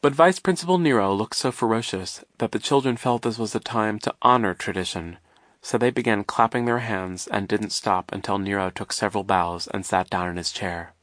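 A man narrating an audiobook in a wry, measured storytelling manner. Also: fairly low pitch, fairly bright tone, no echo, studio quality.

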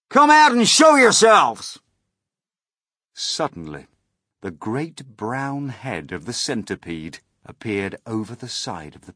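Expressive husky male storybook narrator. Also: on the low side, dry recording, studio quality. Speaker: audiobook narrator. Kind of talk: storybook reading.

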